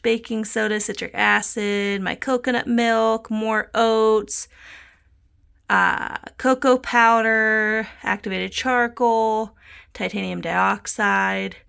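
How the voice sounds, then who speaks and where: A casual woman in her thirties talks through a home tour, unhurried and a little breathless. Her voice has a gravelly edge, and she laughs easily while listing things off. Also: a little high, bright, forceful tone. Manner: chatty, lists items, laughs often. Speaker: soap maker giving a studio tour. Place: home room.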